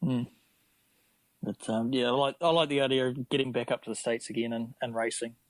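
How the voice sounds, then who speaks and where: Casual Kiwi man, mid-pitched, chatty guest, dry close sound. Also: steady tone, a little fast, dry recording, low-quality recording. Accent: New Zealand. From New Zealand. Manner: easygoing, chatty, laughs often. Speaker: podcast guest, triathlete. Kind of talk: casual interview chat.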